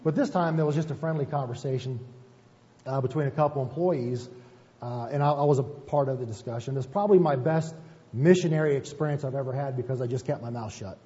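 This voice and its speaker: A man's voice: medium pitch, fairly quick, dark tone. A man preaching a conversational sermon as a pastor, folksy and self-deprecating, often checking in with "right?". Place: church sanctuary. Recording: muffled, echoey church hall recording.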